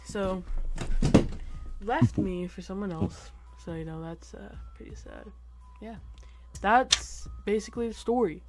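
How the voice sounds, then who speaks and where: A teenage boy telling a personal story to camera, halting and rambling with lots of fillers. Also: high voice, over loud music. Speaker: vlogger.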